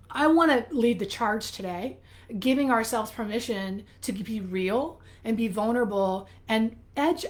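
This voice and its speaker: A woman hosting a live video, talking candidly and animatedly to her viewers, her voice a little worn, as though she is losing it. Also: on the high side. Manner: candid, animated, swears casually. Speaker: life coach host. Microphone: phone or webcam, live stream.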